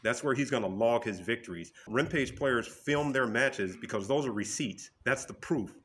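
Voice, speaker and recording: A man's voice: mid-range voice, moderate pace. A man giving a motivational talk in an emphatic, direct, storytelling way.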